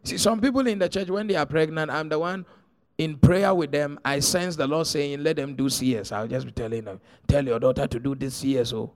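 A middle-aged man, preaching a sermon as pastor, telling stories and swinging from hushed to shouted. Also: fairly high pitch, brisk.

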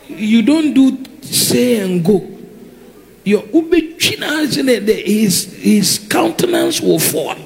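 A man preaching a sermon, lively and repeating words for emphasis as he calls out to the congregation. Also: high voice, vocal fry.

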